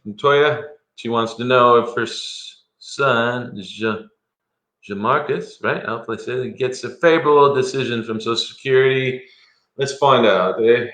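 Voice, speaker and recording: A man's voice: mid-range voice, normal speed, fairly bright tone. A man doing a live-stream tarot reading as a psychic, chatty and rambling, with frequent chuckles. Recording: echoey room.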